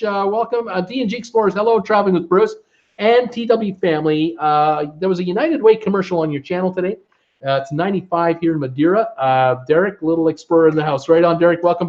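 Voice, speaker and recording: Male host, slightly high voice, chatty live-stream reading of comments, dull lo-fi sound. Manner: reads viewer comments aloud with many fillers. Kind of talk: casual live stream chat.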